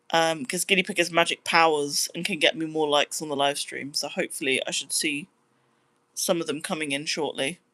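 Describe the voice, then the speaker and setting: A woman's voice: bright, forceful tone, no room sound. A young British woman chatting casually on a livestream, reading out viewer comments in an upbeat way. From Britain. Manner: chatty, upbeat, squeals high when surprised. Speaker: livestreamer and musician.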